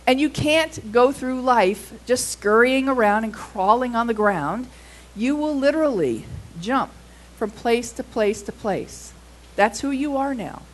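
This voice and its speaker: Male frog, wise mentor, steady, encouraging, woman voicing him. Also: a little high, a little slow, hardly any pauses. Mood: solemn.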